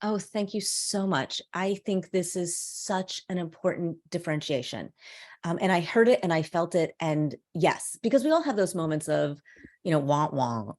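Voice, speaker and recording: A woman's voice: on the low side, moderate pace. A middle-aged woman guest on a podcast, telling stories with energy and acting out quoted dialogue. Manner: animated storyteller, acts out quoted dialogue. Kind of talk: casual podcast conversation.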